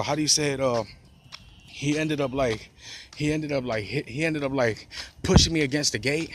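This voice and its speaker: A man tells a street story in a loose, rambling way, piling on profane slang and starting sentences over. His voice sits in an ordinary middle pitch. It is caught on a phone outdoors, with a faint wash of ambience behind him. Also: fairly bright tone, slight background noise. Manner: rambling, profane slang with frequent restarts and "bro". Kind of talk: casual storytime monologue.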